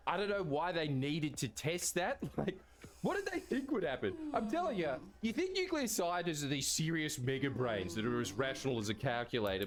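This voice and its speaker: An Australian man performs a scripted comedy monologue in a sarcastic, irreverent way. He swears casually and keeps slipping into quick voices. His voice sits at an ordinary pitch for a man.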